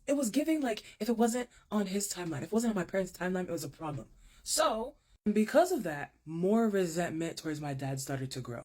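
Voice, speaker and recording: Young adult woman, casual storyteller, expressive, repeats lines for emphasis. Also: lowish voice, a little fast.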